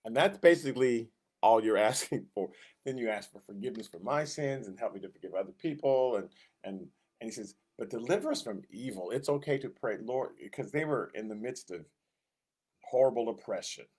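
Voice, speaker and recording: Animated man teaching Bible class. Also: mid-range voice, brisk, husky. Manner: animated, acts out quotes in raised voice, self-interrupting. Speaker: Sunday school teacher. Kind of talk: Bible lesson, casual teaching.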